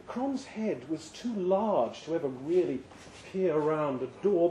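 A man giving a lively, expressive live reading of a short story at a pub event. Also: on the high side, a little slow. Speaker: reader. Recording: roomy live venue sound.

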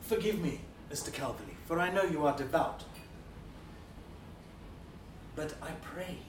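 Brief: male actor as a drunken middle-aged Georgian gentleman, theatrical monologue swinging wildly in pitch, faint background noise. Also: animated, a little fast, lightly acted. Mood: brooding. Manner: theatrical, swinging between bluster and hushed brooding. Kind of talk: dramatic monologue. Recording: roomy, distant mic.

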